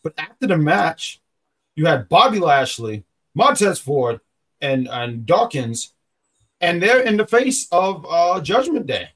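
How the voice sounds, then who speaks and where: A man's voice: on the high side, big pitch swings, slow, a bit bright. A man hosting a podcast in casual, rambling chat, often stopping to correct himself. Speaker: podcast host.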